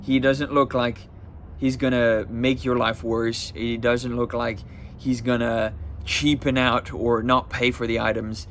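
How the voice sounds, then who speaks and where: A vlogger rants about a story in a casual, exasperated way, swearing and leaning on lots of fillers. His mid-range voice shows little pitch movement, keeps a measured pace, and has a fairly bright tone over slight background noise.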